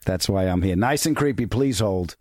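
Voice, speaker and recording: A man's voice: moderate pace, no room sound. A man hosting a casual comedic chat, telling stories and cracking jokes. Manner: storytelling, wisecracking, lively pitch swings. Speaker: podcast host.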